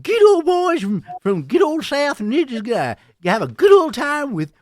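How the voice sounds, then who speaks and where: A man's voice: very high-pitched, wildly swooping pitch, moderate pace, darkish tone, dry recording, heavily acted. A man putting on a folksy, rambling old-timey Southern announcer who introduces the podcast with a drawl. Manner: drawling, hokey, rambling, addresses "boys and girls". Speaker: show introducer.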